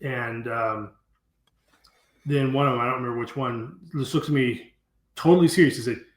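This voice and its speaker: A man telling a story as a guest in an interview, animated and acting out what people said. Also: mid-range voice, normal speed, long pauses. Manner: animated storyteller who acts out quoted speech. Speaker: guest, dangerous game hunter. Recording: roomy echo.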